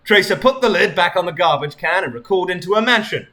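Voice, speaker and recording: A man's voice: high-pitched, lively intonation, fast talker, bright, forceful tone. A male streamer reading fan fiction aloud in a mock-dramatic, chuckling way.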